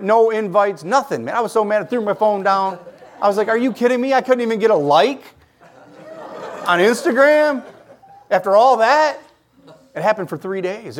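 A man, a travelling guest preacher, telling a personal testimony in a sermon, dropping to a hush and then rising loud and excited. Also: on the high side. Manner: animated storytelling, swings from quiet to loud.

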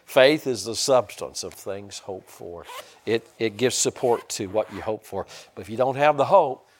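A middle-aged man preaching a sermon, folksy and rambling, with many restarts and sudden high, loud bursts of excitement. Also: normal speed, slight background noise. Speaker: pastor.

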